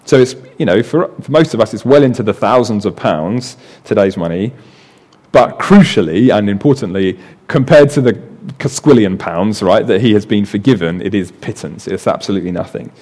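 A man's voice: on the low side, moderate pace, a little mellow. A man preaching a sermon in a conversational way, often adding "right" and repeating words as he explains.

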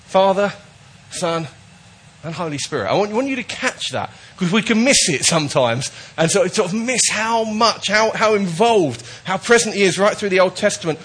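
Emphatic preacher man, somewhat high voice. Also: animated, normal speed, a bit bright, breathy edge. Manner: emphatic, repetitive, with false starts. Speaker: pastor. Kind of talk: sermon.

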